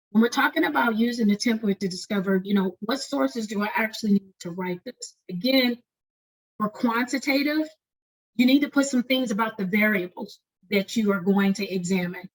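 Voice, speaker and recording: A woman leading an online lecture on doctoral writing, talking fast and often checking in with "right?". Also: on the high side, slightly rough, low-quality recording. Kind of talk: webinar lecture.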